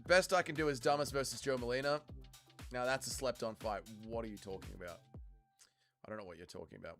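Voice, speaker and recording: A man hosting a live fight watch-along stream, talking casually with chat and yelling profane instructions at the fighters. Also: medium pitch, fast talker, vocal fry, soft background music. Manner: excitable, profane, yells at the fighters. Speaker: livestream host.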